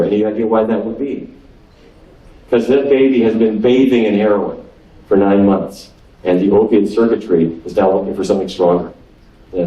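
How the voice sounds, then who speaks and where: A man's voice: mid-range voice, dark tone. A man from North Dakota giving a humorous nutrition lecture as a physician and quizzing his audience with questions. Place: lecture room on a cruise ship. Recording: roomy hall, voice from far off.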